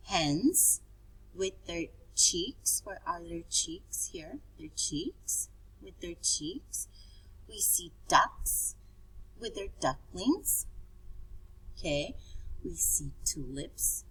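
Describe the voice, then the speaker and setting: A woman's voice: low voice, a bit bright, slightly rough, low-quality recording. A woman teaching preschool children, pointing things out in a sing-song, coaxing way.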